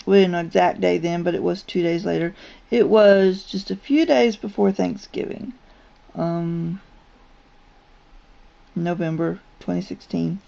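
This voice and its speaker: Woman vlogger, dark mellow tone, casual and rambling storyteller, full of ums and restarts. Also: fairly low pitch, measured pace, vocal fry, pauses often, slight background noise. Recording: dull lo-fi recording.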